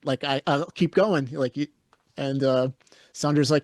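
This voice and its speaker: A man's voice: mid-range voice, measured pace, no room sound, studio quality. A man co-hosting a podcast, chatting casually and telling stories in a blunt, opinionated way. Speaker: podcast co-host.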